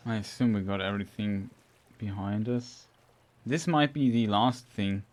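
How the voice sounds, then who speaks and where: Male streamer, lowish voice, relaxed hesitant play-along commentary. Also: unhurried. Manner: thinking aloud, hesitant with fillers. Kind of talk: casual gameplay commentary.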